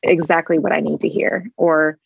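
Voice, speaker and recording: A woman's voice: sits low, fairly even intonation, normal speed, gravelly, breathy edge, no echo, narrow, tinny audio. A young woman in casual, earnest talk about her faith over a video call, rambling with many fillers and getting emotional. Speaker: guest.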